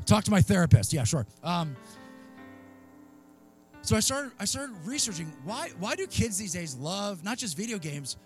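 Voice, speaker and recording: A man in his thirties preaching a sermon in a conversational, earnest way, acting out voices in his stories. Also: high-pitched. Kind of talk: sermon with personal story. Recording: faint music underneath. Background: soft instrumental music.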